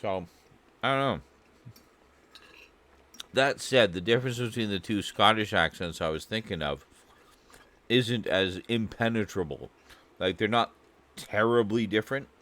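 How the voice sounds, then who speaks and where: A man's voice: fairly low pitch, animated, moderate pace, long pauses, a bit bright. A Canadian man streaming a game, chatting casually in a rambling, profane, self-mocking way. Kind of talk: casual chat while gaming.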